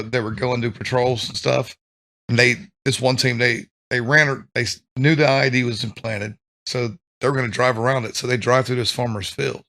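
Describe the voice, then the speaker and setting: Brief: gravelly vet guy, medium pitch, blunt and laid-back, swapping deployment stories. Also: bright, forceful tone. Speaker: military veteran. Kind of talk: casual podcast chat.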